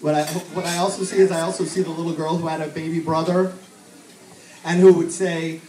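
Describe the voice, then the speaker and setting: A man's voice: high voice, little pitch movement, fairly quick, darkish tone. Fond father toasting in an echoey hall. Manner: fond, joking storyteller. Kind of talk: speech at a family celebration. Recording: echoey hall, mic heard from far, crowd behind.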